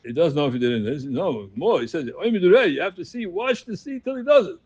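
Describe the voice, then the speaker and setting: A man leading a Talmud study group, explaining the text in an animated voice and chanting quoted passages in a sing-song. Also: a little high, quick pace, slightly rough, no room sound, dull audio. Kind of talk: Talmud class teaching.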